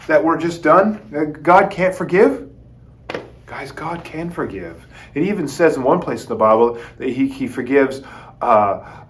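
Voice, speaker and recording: Animated man telling a kids' Bible lesson. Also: a little high. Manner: lively, addresses kids as "guys", acts out quotes. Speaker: children's Bible teacher. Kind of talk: storytelling Bible lesson for kids.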